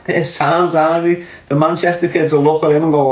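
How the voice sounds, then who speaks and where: A man with a Liverpool accent gives his opinions on a podcast. He is blunt and sweary and keeps hammering his points. His voice sits a little high and carries through an echoey room. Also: level tone, a little fast. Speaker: podcast commentator.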